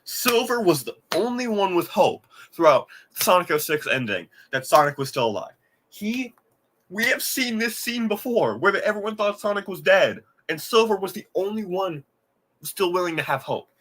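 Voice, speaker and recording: A man's voice: high-pitched, big pitch swings, normal speed, a bit bright. A man hosting a live game reaction, ranting with exasperation, swearing often and laughing at what he watches.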